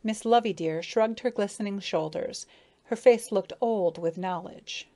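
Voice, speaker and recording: A woman narrating an audiobook of a children's story in a calm, even storytelling manner. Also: on the low side, measured pace, gravelly.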